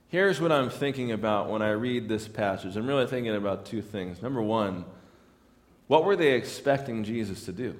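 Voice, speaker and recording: A man's voice: on the low side, lively intonation, normal speed, in a large hall. A man preaching a sermon in a conversational way, often repeating words as he restarts his lines. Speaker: pastor.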